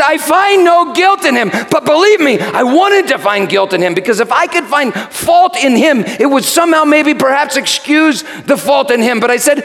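A man playing Pontius Pilate, a guilt-haunted Roman governor, in a dramatic first-person monologue that swings from shouts to whispers, recorded in a church. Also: extremely high pitch, big-room sound, heavily acted. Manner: swings between shouted outbursts and hushed whispers. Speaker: preacher performing a character monologue.

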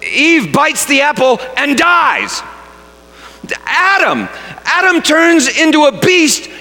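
A man's voice: very high voice, expressive, takes it slowly, bright, forceful tone. A man giving a storytelling sermon, reading aloud dramatically, often stumbling and repeating words. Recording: long reverb of a large hall.

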